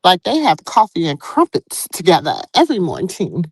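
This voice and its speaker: A woman's voice: lowish voice, normal speed, breathy edge, dry recording. A middle-aged woman co-hosting a casual late-night chat, telling stories and acting out what people said. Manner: animated storyteller, acts out quotes.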